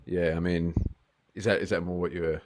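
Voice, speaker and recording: An Australian man with a notably low, deep voice, talking over a video call. He chats easily and jokes, and when a serious question comes he lays out his view in a steady, measured way. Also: a little hiss or hum. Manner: easygoing, joking, then measured when explaining. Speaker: guest. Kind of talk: casual Q&A conversation.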